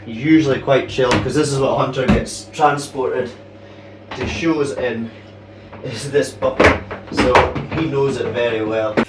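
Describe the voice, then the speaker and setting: Handling big pythons and cooing over them fondly, this channel host chats to the camera in a casual reptile vlog. His mid-range voice is steady and measured, if a little breathless, and the distant recording has a noisy background.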